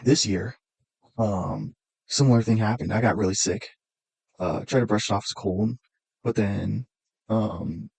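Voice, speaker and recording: A man's voice: fairly low pitch, steady tone, measured pace, vocal fry, pauses often, darkish tone, husky, no echo. A young man and college student telling a long personal story casually, rambling with restarts. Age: young adult. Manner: rambling, lots of fillers and restarts.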